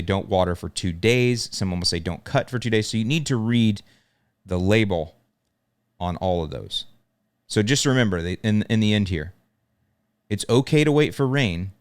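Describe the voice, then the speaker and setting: A man's voice: lowish voice, clear, resonant tone, no echo. A man hosting a podcast, answering questions in a plainspoken way and repeating his points for emphasis. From American South. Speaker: podcast host answering lawn care questions. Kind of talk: casual podcast talk.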